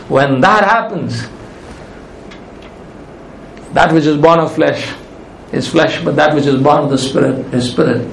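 A man's voice: a little high, unhurried, vocal fry, pauses often, roomy sound, slight background noise, low-quality recording. A male pastor preaching a sermon, emphatic and repeating his key phrases.

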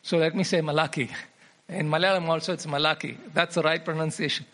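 This fast-talking preacher has a fairly high voice and a flat delivery, yet his tone is bright and forceful, and he teaches emphatically. He reads from the Bible and says key points twice to drive them home.

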